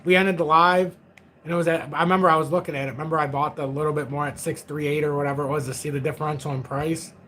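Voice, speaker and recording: A man's voice: a little high, flat delivery, fast talker, a bit bright, a little hiss or hum. A man in his forties hosting a crypto livestream, chatting casually in a rambling, joking, self-mocking way. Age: 40s.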